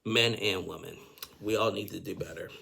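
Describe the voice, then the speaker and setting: A man's voice: low-pitched, moderate pace, creaky, pushed and bright, breathy edge. A man giving a casual, rambling recap of a reality show, full of filler phrases. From United States. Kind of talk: casual commentary.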